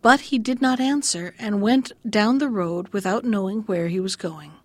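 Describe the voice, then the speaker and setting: A woman's voice: moderate pace, a little mellow, no echo. A woman reading an old fairy tale aloud, lifting her voice for the quoted lines. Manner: lifts pitch for quoted lines. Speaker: storyteller.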